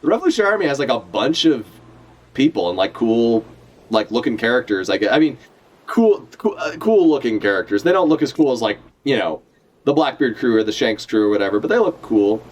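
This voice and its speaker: Lively, casual young male streamer. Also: mid-range voice, a little fast, highs cut off. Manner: casual, profane, full of fillers. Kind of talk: live reaction commentary.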